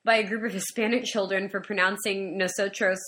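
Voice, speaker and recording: A woman co-hosting a podcast in casual chat, an animated storyteller who acts out other people's lines. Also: medium pitch, a little fast. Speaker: podcast co-host.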